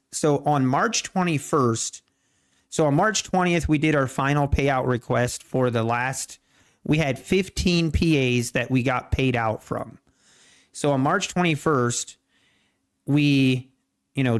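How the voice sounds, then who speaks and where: A man's voice: on the high side, smooth. A man hosting a casual trading livestream, rambling and correcting himself, then playfully defending his speech to chat. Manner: slow, rambling, self-correcting.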